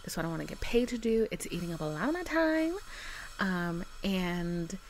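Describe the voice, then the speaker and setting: A young woman rambles to her camera in easy casual chat, her lowish voice full of gravelly fry. She talks straight to her viewers like a close friend, with a faint hiss of noise in the background. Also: sing-song, moderate pace. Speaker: vlogger. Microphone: camera mic.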